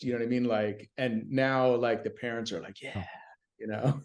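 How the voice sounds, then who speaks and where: A man telling stories as a guest in a casual podcast conversation, animated and chatty, often saying "you know what I mean.". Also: medium pitch, normal speed. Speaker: podcast guest, BMX announcer.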